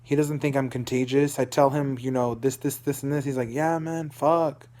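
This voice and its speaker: A man's voice: medium pitch, flat delivery, a little fast, warm tone. A young man from Dallas, Texas, telling a personal story in a rambling, emotional way, repeating himself and swearing. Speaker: vlogger.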